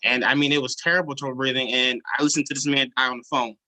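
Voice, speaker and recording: A man's voice: medium pitch, flat delivery, fast, bright, forceful tone, low-quality recording. A man, a 911 specialist, giving earnest, somewhat hesitant testimony at a legislative hearing. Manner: earnest, hesitant, many fillers.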